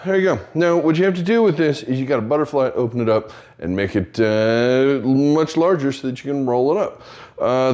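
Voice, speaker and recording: Talkative home-cook host, man, playful and very lively in pitch. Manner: chatty, jokey, talks a lot. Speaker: home cooking video host. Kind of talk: casual cooking demonstration. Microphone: new mic setup.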